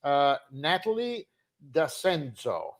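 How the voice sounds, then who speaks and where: A man from Canada co-hosting a fishing show livestream, joking and offhand in casual chat, often trailing off quietly. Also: on the high side, sing-song, slow. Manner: joking, offhand, drifts quieter at the end of phrases.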